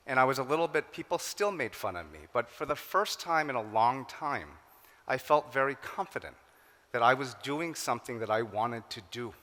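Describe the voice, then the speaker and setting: A man's voice: medium pitch, bright, forceful tone. A middle-aged American man telling personal stories at a forum, slipping in Korean phrases and acting out quoted voices. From United States. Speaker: keynote speaker. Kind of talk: forum talk. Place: large hall. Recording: reverberant hall.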